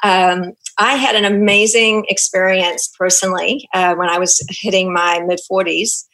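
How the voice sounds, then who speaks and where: A woman's voice: mid-range voice, steady tone, moderate pace, fairly bright tone, poor audio. A woman in her fifties with a New Zealand accent, speaking frankly and candidly as a gynecologist guest on a podcast, with many fillers. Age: 50s. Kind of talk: podcast interview.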